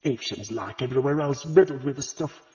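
A man's voice: mid-range voice, quick pace, warm tone, lightly acted. A man voicing a grieving mother who speaks bitterly. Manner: bitter and tearful. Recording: dull lo-fi audio with long reverb.

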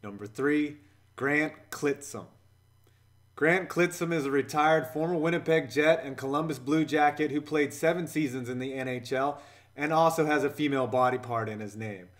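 A man's voice: a little high, moderate pace. A man hosting a scripted comedy countdown voice-over, delivering sarcastic jokes and innuendo. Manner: sarcastic, joking, innuendo-heavy. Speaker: YouTube channel host.

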